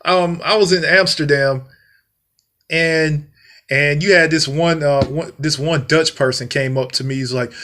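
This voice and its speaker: A man delivering a blunt, profanity-heavy rant straight to the camera. His voice sits on the higher side and sounds bright and forceful, and he hammers his points home by repeating them. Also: fairly even intonation, measured pace. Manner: blunt, heavily profane, repetitive emphasis. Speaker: vlogger. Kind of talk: ranting monologue.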